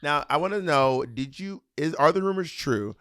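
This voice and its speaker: A man co-hosting a comedy podcast, teasing and quick with deadpan asides. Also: a little high, no room sound, clean studio sound. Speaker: podcast co-host. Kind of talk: casual comedic chat.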